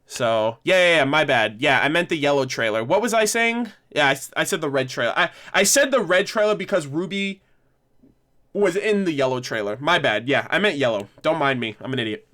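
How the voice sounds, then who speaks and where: Guy hosting a stream, kinda higher voice, rambly, laughs a lot, keeps fixing his own slips. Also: big pitch swings, brisk, sharp tone. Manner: rambling, self-correcting, laughs often. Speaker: livestream host. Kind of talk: casual livestream discussion.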